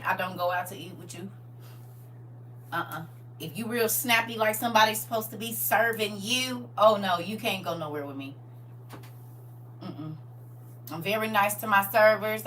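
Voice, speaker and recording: This middle-aged livestream host speaks at a normal speed, medium-pitched with a fairly bright tone, chatting casually and emphatically amid frequent laughter. The recording has a distant mic and a faint hum.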